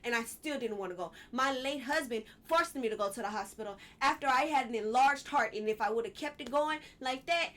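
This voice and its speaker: A woman's voice: fairly high pitch, animated, fast, few pauses, fairly bright tone. A woman vlogger giving casual political commentary, candid and heated, swearing and drifting into personal asides.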